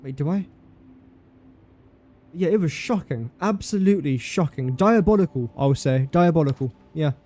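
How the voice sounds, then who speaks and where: A man's voice: on the high side, expressive, normal speed, warm tone. A man chatting casually during a gameplay livestream, playful and self-mocking, talking to objects in the game. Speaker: game streamer.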